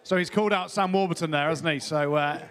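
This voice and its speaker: A man's voice: a little high, fast, a bit bright. A man who is a rugby pundit on a live panel, joking with colleagues before answering questions.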